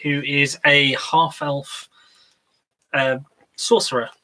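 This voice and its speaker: A man's voice: on the high side, steady tone, takes it slowly, pushed and bright, a little hiss or hum, rough recording. A man co-hosting a casual tabletop gaming chat, talking in a rambling, hesitant way with lots of fillers. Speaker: co-host.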